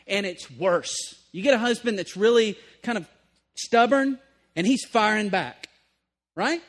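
Male pastor, sermon, high-pitched voice, animated, conversational asides. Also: a little slow. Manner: animated, swings between emphatic and hushed; conversational, checks in with listeners.

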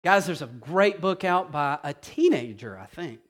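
Emphatic, high-voiced male preacher. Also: a little slow. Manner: animated, emphatic preaching with repetition and direct address. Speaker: pastor. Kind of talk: sermon.

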